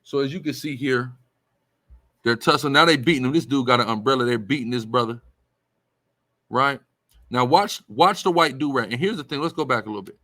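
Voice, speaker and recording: A man's voice: mid-range voice, fairly quick, long pauses, pushed and bright, no room sound. A man giving preaching-style commentary as a religious teacher, emphatic and repetitive in a conversational way.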